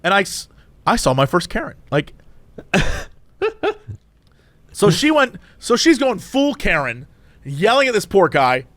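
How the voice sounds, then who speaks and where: Animated high-voiced man telling stories. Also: unhurried, pauses often, no echo. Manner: animated, acts out both sides of stories with high and low voices. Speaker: podcast co-host. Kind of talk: casual storytelling chat.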